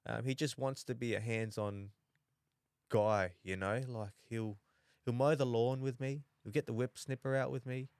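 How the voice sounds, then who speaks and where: A young Australian man chatting casually as a podcast guest, halting and full of restarts. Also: mid-range voice, steady tone, a little mellow, clear, resonant tone, no echo. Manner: halting, many restarts and fillers. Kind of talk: casual chat.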